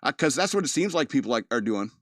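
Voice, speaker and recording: A man at middle pitch hosting a casual news podcast, drifting between reading articles aloud and rambling, joking asides. His voice is dry and close, with no room around it. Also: big pitch swings, fast, a bit bright, no echo. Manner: loose and rambling, with filler words. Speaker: podcast host.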